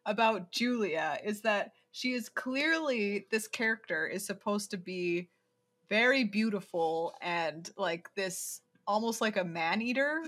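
A woman's voice: mid-range voice, lively intonation, a little slow, fairly bright tone. A woman co-hosting a podcast, summarizing a movie in a casual way with laughs and fillers. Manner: chatty, laughs often, many fillers. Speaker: podcast co-host. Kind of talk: casual movie recap chat.

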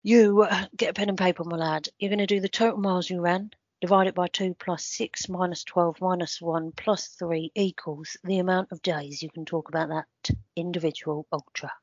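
Female co-host, deadpan absurd humour, dull dry audio. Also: on the low side, normal speed, few pauses, no echo. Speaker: podcast co-host. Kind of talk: casual chat. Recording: dry, slightly dull sound.

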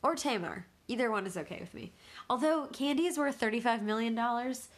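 A woman's voice: a little high, animated, fairly quick. A woman co-hosting a casual podcast, teasing and laughing easily as she chats. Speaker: podcast co-host. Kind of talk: casual chat.

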